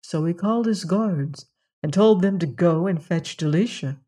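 A woman narrating a fairy tale in a measured, expressive reading. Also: fairly low pitch. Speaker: storyteller.

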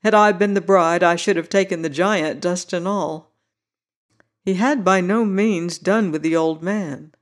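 A narrator reads a classic novel aloud in a steady, measured way. The voice sits at a middle pitch, neither high nor low. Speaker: audiobook narrator.

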